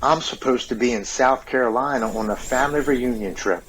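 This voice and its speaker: Man quoting older father, gentle, reassuring, faint hiss behind. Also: medium pitch, brisk, natural voice, low-quality recording. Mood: earnest. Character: older man, a dead friend's kindly father.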